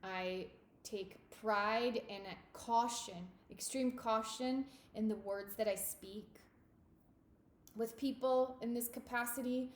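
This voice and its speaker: Woman tarot reader, unhurried and emphatic, intimate with listener, echoey room. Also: on the high side, steady tone. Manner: intimate, emphatic, addresses listener as darling and babe. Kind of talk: tarot reading monologue.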